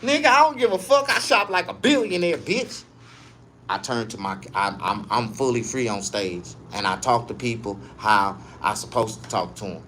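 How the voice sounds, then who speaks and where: A male comedian telling a raunchy, profane story, swinging between low muttering and loud, high yelps. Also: very animated, moderate pace, slight background noise.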